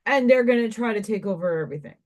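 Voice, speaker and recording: A woman's voice: on the high side, animated, fast talker. A woman giving a spiritual card reader's monologue to her viewers, meandering and conversational and thinking aloud with asides.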